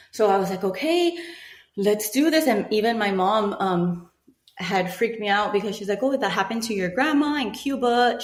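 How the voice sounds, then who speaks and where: A woman in her thirties, a podcast guest telling a personal story with animated delivery, acting out what other people said. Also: mid-range voice. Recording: echoey room.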